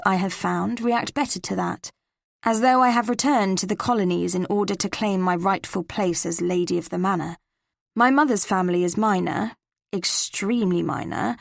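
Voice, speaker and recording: A woman with an English accent, narrating a cozy mystery in first person with measured, crisp delivery. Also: mid-range voice, dry recording, clean studio sound. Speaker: audiobook narrator.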